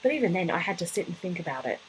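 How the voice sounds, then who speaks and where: A woman's voice: on the low side, sing-song, very fast, a little hiss or hum, poor audio. A woman in her twenties co-hosting a podcast, thinking things through aloud in casual chat. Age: 20s. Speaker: podcast co-host.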